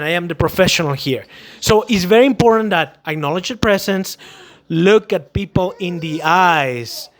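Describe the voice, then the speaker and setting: A man talking casually and emphatically to camera about customer service, acting out little scenes as he goes. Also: sits high. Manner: animated, acts out quotes, emphatic. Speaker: vlogger giving sales advice. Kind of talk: casual advice monologue.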